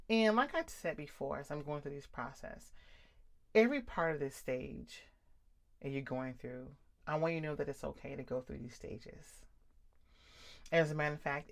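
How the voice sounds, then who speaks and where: A middle-aged woman talking candidly and encouragingly to her viewers about living with vision loss. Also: low-pitched. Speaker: vlog host sharing vision loss experience. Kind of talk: personal talk to camera.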